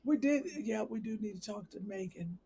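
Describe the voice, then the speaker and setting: A woman's voice: medium pitch, normal speed, gravelly, warm tone, slightly rough. A middle-aged woman co-hosting a podcast in casual, playful, teasing banter. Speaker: podcast co-host. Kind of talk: casual chat.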